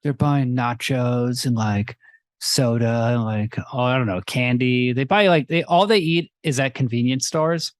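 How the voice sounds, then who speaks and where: A man co-hosting a laid-back movie podcast, rambling through a plot recap. He slips in quick mocking voices for the characters. His middle-pitched voice sits close and dry on the mic. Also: no room sound. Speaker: podcast co-host. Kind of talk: casual film-review chat.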